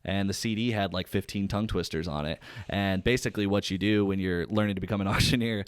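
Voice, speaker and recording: A young man in his twenties, a guest on an interview show, talking casually about training as an auctioneer, with lots of fillers and quick chanting bursts. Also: sits low, steady tone, clean tone, no room sound, studio quality. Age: 20s.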